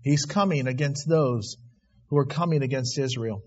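A man preaching a sermon, swinging between loud emphatic declarations and quiet asides. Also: medium pitch, normal speed, breathy edge, highs cut off. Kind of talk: sermon on Revelation.

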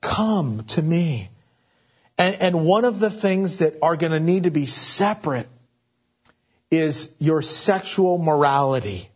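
A man preaching a Bible-teaching sermon, with many fillers and restarts, whose voice rises and grows forceful when he voices God's words. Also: on the high side, measured pace. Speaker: pastor. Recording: dull lo-fi audio.

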